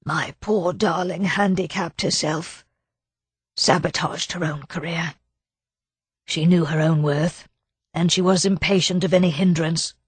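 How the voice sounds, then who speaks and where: A woman reading an audiobook, voicing a shy, grieving older man who speaks softly and apologetically. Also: on the low side, steady tone, unhurried, slightly rough, no echo. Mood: mournful. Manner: soft, apologetic, subdued. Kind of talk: audiobook narration.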